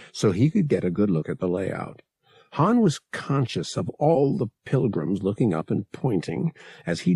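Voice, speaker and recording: A male audiobook narrator with a gravelly, husky voice and lively pitch. He reads steadily and picks up pace in the action. The sound is dry and close. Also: no room sound. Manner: steady storytelling, brisk in action.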